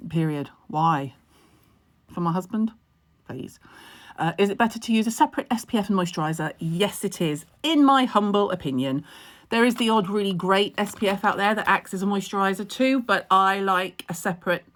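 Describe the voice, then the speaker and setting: A woman on a casual phone livestream from home, answering viewers' skincare questions in a chatty way with frequent "um" fillers. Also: mid-range voice.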